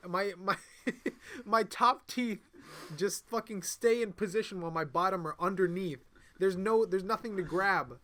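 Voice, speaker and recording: Casual podcast guy, raised pitch, bright forward tone, swears and plays both sides of the dialogue. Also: a little slow. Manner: rambling, swearing, acts out both sides of dialogue, laughs mid-sentence. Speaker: podcast co-host. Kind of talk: casual storytelling among friends.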